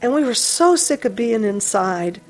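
A woman telling a casual personal story in a chatty way, with laughs and soft asides. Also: fairly high pitch, sing-song, normal speed, soft background music.

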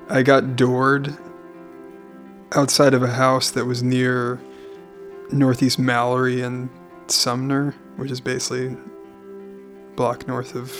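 A man's voice: medium pitch, fairly bright tone. A man telling a personal story in a matter-of-fact way.

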